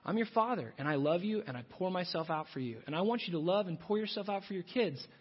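A man voicing God as a gentle, reassuring father. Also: sits high, animated, fast talker, slightly rough. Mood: tender. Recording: dull recording in a big reverberant hall.

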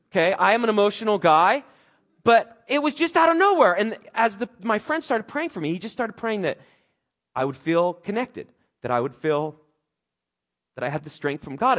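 An earnest male pastor delivers a heartfelt sermon, his fairly high voice climbing with urgency and then dropping into quiet reflection. He speaks openly and emotionally, in a casual way. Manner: earnest, emotional, swings between loud urgency and soft reflection.

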